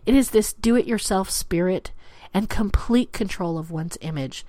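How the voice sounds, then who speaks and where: Hosting her own adult-themed podcast, a woman delivers scripted solo talk in a playful, theatrical manner, sometimes dropping to a whisper for emphasis. Her mid-range voice has a dark tone, she keeps a measured pace, and the recording is dry.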